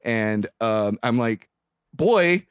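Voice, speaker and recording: A man's voice: medium pitch, animated, moderate pace, no echo, clean studio sound. A man co-hosting a podcast, casually recapping a movie plot in a rambling, profane way and acting out the characters' lines. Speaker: podcast co-host.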